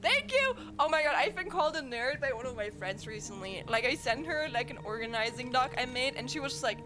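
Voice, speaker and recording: Giggly high-pitched woman streamer. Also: big pitch swings, fairly quick, hardly any pauses, music in the background. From Germany. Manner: giggly, laughs at her own jokes. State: sleepy, laughing to tears. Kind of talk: casual chat with viewers.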